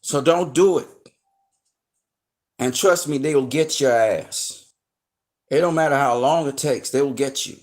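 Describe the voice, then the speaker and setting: A man's voice: mid-range voice, unhurried, long pauses. A man in an unscripted rant to his viewers, blunt and heavily profane, lecturing and warning them in emphatic slangy talk that grows heated. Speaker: online commentator.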